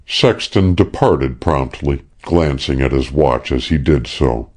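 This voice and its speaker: A man narrating a classic novel as an audiobook reader, measured and steady. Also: a bass voice. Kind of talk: scripted narration.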